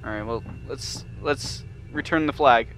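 A man's voice: medium pitch, measured pace, music in the background. A man giving nervous, jumpy let's-play commentary on a horror game he is playing. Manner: jumpy, nervous, swears mildly, yelps when startled.

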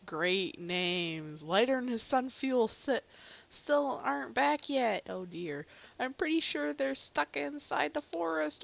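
Lively, chatty woman playing a game. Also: medium pitch, vocal fry. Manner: chatty, self-mocking, quick to exclaim. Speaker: let's play gamer. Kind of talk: casual gameplay commentary.

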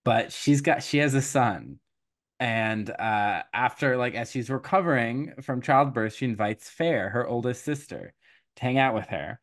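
Podcast host, male, young adult, mid-pitched, chatty storyteller who slips in and out of character voices. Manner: animated storytelling, quick quoted voices, frequent laughs and fillers. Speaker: podcast host retelling a folktale. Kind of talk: casual chat.

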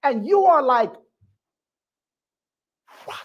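A male pastor preaching a sermon, telling the story with lively call-and-response to the congregation. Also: high-pitched, normal speed, dull audio.

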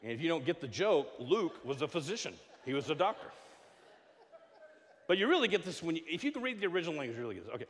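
Man, middle-aged, pastor, lively swooping pitch, fairly high voice, stammered restarts, long church reverb. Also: fast, slight background noise. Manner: animated, jokey preaching with frequent stammered restarts. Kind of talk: sermon. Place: church sanctuary.

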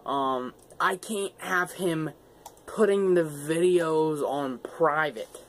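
In this casual outdoor vlog, a young man talks slowly in a voice on the high side, rambling and chuckling at himself. He holds the phone in his hand, so the recording picks up plenty of outdoor noise.

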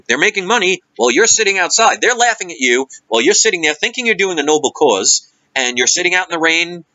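A man with a high, bright and forceful voice delivers an emphatic, preachy rant. He is sarcastic and hammers his points home. The recording is dry, dull and lo-fi. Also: dry recording. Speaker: vlogger. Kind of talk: impassioned monologue rant.

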